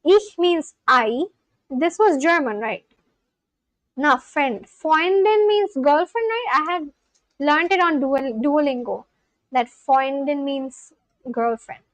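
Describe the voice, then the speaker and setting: Young woman streamer, high voice, unhurried, dry close mic, casual chat with viewers. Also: dry recording, poor audio. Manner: chatty, thinks aloud, sounds out foreign words slowly. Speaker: language-learning livestreamer.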